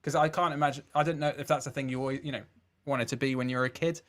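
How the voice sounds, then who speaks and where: A man's voice: medium pitch, fairly even intonation, rapid-fire, fairly bright tone. A man co-hosting a casual chat, asking the guest questions and laughing often. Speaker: co-host.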